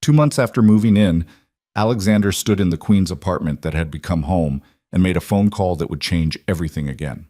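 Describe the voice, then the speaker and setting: Low-voiced male story narrator. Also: fairly quick, warm tone, dry recording, studio quality.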